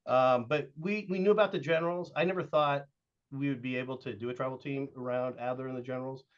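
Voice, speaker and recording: A middle-aged man from Southern Oregon, USA, a youth baseball coach appearing as a podcast guest, tells long casual stories at normal speed in a medium-pitched voice. He rambles with frequent "uh" and "like" and acts out quoted dialogue. The sound is lo-fi.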